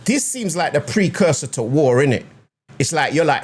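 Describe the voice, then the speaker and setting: A man's voice: fairly high pitch, animated, moderate pace, breathy edge. A man giving casual, slangy reaction commentary on a rap track, often repeating the lyrics back. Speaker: music reaction host. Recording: music playing behind. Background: rap track playing.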